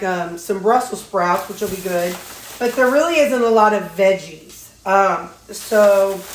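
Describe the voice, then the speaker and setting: A woman's voice: medium pitch, distant mic, a little hiss or hum. A woman, chatting casually in a home kitchen as she cooks, folksy and talkative. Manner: chatty, folksy, talks while cooking. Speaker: weight-loss vlogger. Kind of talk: casual cooking vlog. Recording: echoey kitchen with faint sizzling.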